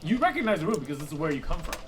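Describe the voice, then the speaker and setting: A man's voice: on the high side, big pitch swings, very fast, crowd noise. A man running a tabletop game as dungeon master, describing scenes in a rambling way with lots of fillers and restarts. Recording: noisy room recording.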